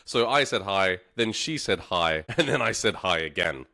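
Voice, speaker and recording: A man tells a story for learners, repeating phrases slowly and playfully. His pitch swings widely from high to low, and he sounds animated throughout. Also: gravelly. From London. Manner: slow, repetitive, playful and animated with laughs. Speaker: English teacher.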